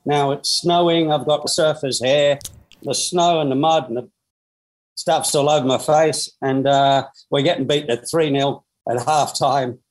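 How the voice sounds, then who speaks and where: An Australian man in his sixties, a former footballer, tells his story in an interview, lively and full of restarts and fillers. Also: a little high, measured pace, low-quality recording.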